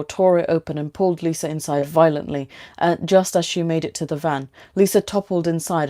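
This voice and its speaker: A woman reading a story aloud, narrating steadily and unhurried. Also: sits low, warm tone.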